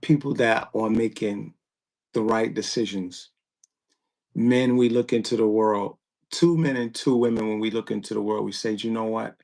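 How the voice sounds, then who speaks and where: Gravelly, measured male podcast host. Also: on the low side, steady tone, a little mellow. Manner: slow, measured questions with fillers. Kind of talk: casual podcast interview.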